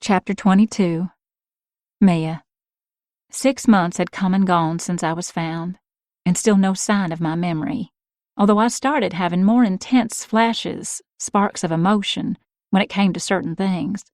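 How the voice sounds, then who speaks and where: A woman narrating a first-person romance audiobook in a calm, reflective manner. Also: on the low side, unhurried, no echo, studio quality.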